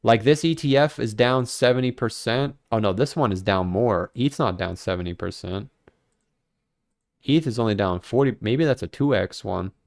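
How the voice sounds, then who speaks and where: A man hosting a crypto livestream, talking casually in a rambling, animated way, swearing and joking at his own expense. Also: medium pitch, moderate pace, creaky. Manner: rambling, animated, self-mocking, swears freely.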